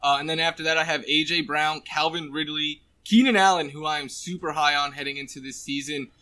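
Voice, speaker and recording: A man's voice: a little high, steady tone, brisk, bright, forceful tone. A man appearing as a guest analyst on a fantasy football show, friendly and eager. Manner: friendly, eager, listing names steadily. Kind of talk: casual sports chat.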